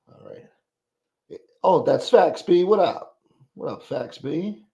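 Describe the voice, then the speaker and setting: A man's voice: a little high, warm tone, muffled recording. A man hosting a livestream, greeting chatters by name in a profane, joking, casual way. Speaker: livestream host.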